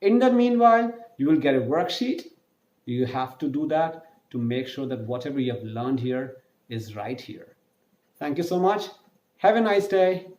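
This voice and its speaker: A man's voice: medium pitch, expressive, moderate pace, darkish tone, lo-fi sound. A man teaching a French lesson online, explaining patiently and spelling out letters. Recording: echoey room.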